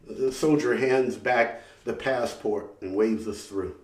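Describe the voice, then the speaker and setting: Slow, dramatic male storyteller. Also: mid-range voice, a little mellow. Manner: dramatic, halting repetitions. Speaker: playwright and solo performer. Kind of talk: theatrical solo storytelling. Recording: roomy sound from a distant mic.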